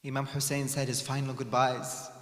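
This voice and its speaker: A man preaching a mourning sermon, swinging dramatically between loud cries and hushed lines in an Islamic center prayer hall. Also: medium pitch, little pitch movement, moderate pace. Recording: echoey hall with long reverb.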